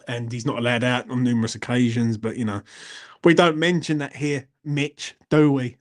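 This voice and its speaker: A young man hosting a casual live stream, chatting in a laddish way and reading out comments. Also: medium pitch. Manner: chatty, laddish, repeats "do you know what I mean". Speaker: host reading live chat.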